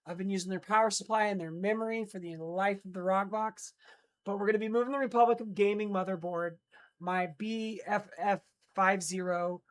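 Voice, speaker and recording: With a medium-pitched voice, a young woman talks to her livestream chat as she sets up her equipment at home. Her talk is casual and meandering, loaded with filler words.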